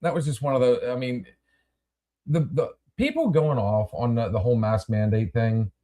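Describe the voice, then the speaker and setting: Animated, swearing podcast host man. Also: medium pitch, normal speed. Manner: animated, swears freely, rambling restarts. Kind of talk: casual storytelling chat.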